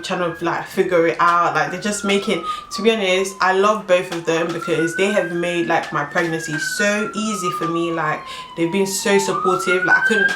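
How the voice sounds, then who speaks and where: A young woman from spins a story for her vlog in a fairly low voice that leaps up whenever she acts out what someone said. The room around her echoes a fair bit, with a faint hiss underneath. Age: young adult. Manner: animated, jumps into high excited quoted voices, laughs through the story. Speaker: vlogger.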